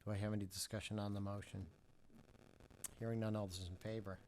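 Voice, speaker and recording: A man chairing a formal public meeting, speaking in a measured, halting way with frequent fillers. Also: lowish voice, level tone, noisy background.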